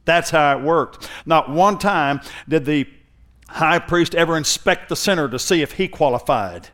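A man's voice: on the high side, expressive, a little slow, a bit bright. A male pastor preaching to a congregation, conversational at first and building in force. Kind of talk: sermon.

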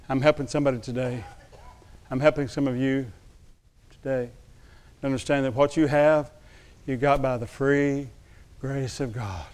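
A pastor preaching a lively sermon to his church, dropping to quiet asides and then calling out loud. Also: medium pitch. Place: church sanctuary.

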